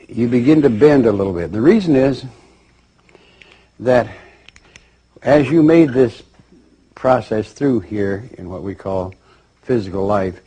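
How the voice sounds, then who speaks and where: A man's voice: on the low side, mellow, husky. A man giving a spoken lecture, telling it as a story with voiced characters. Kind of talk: spoken lecture with acted dialogue.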